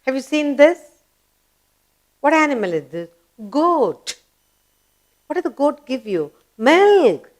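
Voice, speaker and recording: Slow-spoken woman teacher. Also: high-pitched, big pitch swings. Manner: asks and answers own questions, spells words letter by letter; emphatic, coaxing classroom delivery. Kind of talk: children's grammar lesson.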